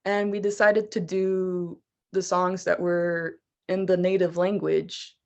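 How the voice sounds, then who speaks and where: A woman's voice: on the low side, little pitch movement, slow pace, dull audio. Chatty young woman telling a story. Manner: chatty, laughs often, fillers like "like". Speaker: guest, choir vocalist. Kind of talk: casual storytelling.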